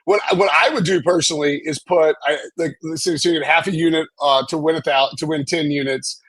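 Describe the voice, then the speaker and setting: A man's voice: a little high, fairly even intonation, fairly quick, fairly bright tone, husky, no echo. A man giving betting advice on a live stream, rambling with fillers and restarts. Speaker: sports betting analyst.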